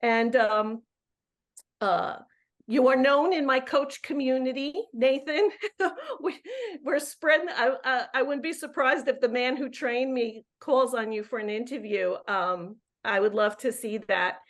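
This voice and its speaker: Effusive high-voiced woman caller. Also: a little slow. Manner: effusive, emphatic, repeats words. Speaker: caller on a live Q&A, coach. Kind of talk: live call-in chat.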